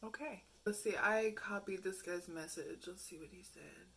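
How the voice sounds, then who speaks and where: A woman's voice: mid-range voice, moderate pace, husky. A young woman vlogging casually, telling frank, profane stories and mocking messages with bursts of laughter. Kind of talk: casual storytelling to camera.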